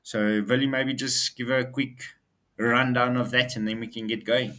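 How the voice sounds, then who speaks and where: A man's voice: mid-range voice, flat delivery, moderate pace, pushed and bright. A man co-hosting a casual business chat show, upbeat and talking in loose run-on sentences with fillers. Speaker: co-host.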